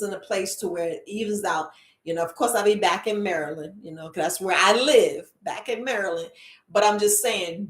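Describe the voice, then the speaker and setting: A woman herbalist hosting a casual live stream, giving a repetitive, preachy motivational talk and calling her viewers family, from a computer across the room. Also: medium pitch. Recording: roomy echo.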